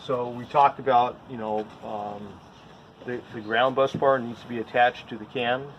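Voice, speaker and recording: A man's voice: medium pitch, steady tone, normal speed, highs cut off. A man working as an electrical inspector, talking through a job on site in a casual, methodical way. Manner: methodical, explains step by step. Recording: noisy on-site recording.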